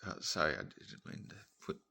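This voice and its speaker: A man's voice: a little fast, sharp tone. A man, rambling and swearing as he tells a long joke story. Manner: rambling, swears, laughs at own tangents.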